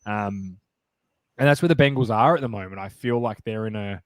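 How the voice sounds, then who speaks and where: A man co-hosting a sports podcast, chatting casually and getting excited, rambling with many fillers and restarts. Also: lowish voice, a little fast, no echo. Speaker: podcast co-host.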